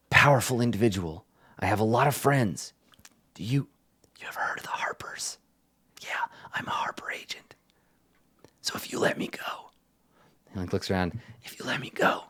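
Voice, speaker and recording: A man voicing a smooth-talking, fast-talking caged con man in a tabletop game, pleading in a hushed, wheedling way. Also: mid-range voice. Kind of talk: tabletop role-play voice.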